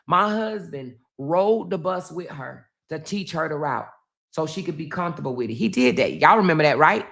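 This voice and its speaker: A woman's voice: low voice, animated, moderate pace, vocal fry, a bit bright. A middle-aged woman, telling a family story to her viewers in a casual, emphatic way, repeating phrases. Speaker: vlog host.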